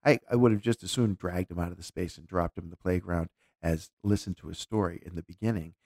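A man with a low, gravelly voice tells a personal story in a relaxed, candid way, often circling back and restarting his sentences. The sound is close and dry. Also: quick pace, no room sound. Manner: candid, reflective, with frequent restarts. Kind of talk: casual conversational storytelling.

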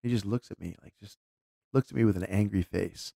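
A man's voice: lowish voice, brisk, creaky, dark tone, no echo, studio quality. A man talking casually and candidly, reflecting aloud as he tells a personal story with frequent restarts.

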